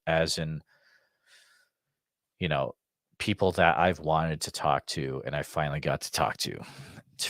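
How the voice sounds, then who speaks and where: A man with a very low voice and a slight Massachusetts accent hosts a live call-in show. He talks in a loose, rambling way, full of fillers and restarts. The recording is close and dry, with no room sound. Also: dry recording. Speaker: host of a live call-in podcast. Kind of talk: casual live-stream chat.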